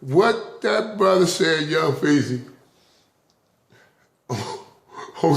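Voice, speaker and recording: A man's voice: fairly high pitch, big pitch swings, slow pace, gravelly, long pauses, roomy sound. A man vlogging casually, rambling with stuttered restarts and openly emotional, laughing and tearing up as he talks. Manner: rambling, repeats words in restarts. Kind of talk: casual spoken vlog.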